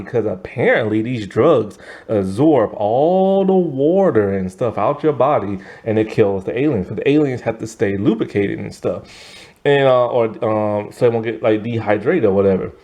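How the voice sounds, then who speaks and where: A man's voice: medium pitch, a little mellow. A man casually recapping a movie plot, laughing as he acts out the characters' lines. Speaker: movie reviewer.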